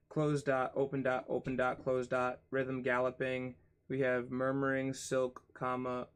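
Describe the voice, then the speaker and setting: A man's voice: medium pitch, clear, resonant tone. A man reading a textbook aloud for his channel, spelling out hard words letter by letter and making self-mocking asides. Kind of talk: casual read-aloud lesson.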